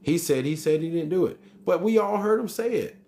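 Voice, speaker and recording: A man's voice: on the high side, lively intonation, brisk, vocal fry, darkish tone. A man hosting a live stream, reading chat comments aloud and arguing back with emphatic repetition. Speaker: livestream host reading chat.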